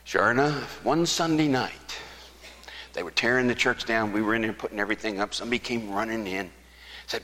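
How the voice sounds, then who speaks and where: A male pastor preaching a storytelling sermon in a folksy way, often dropping to hushed near-whispers. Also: on the low side, fairly quick, in a large hall, rough recording.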